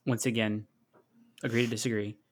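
A man's voice: medium pitch, flat delivery, brisk. Opinionated man rambling about movies. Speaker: podcast co-host. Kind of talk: casual movie-discussion chat.

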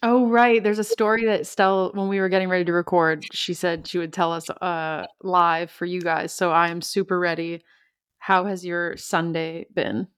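Young woman co-host, smooth clear voice, dry close sound, chatty. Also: on the low side, little pitch movement, normal speed, no room sound. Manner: chatty, eager listener. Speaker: podcast co-host. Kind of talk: casual chat.

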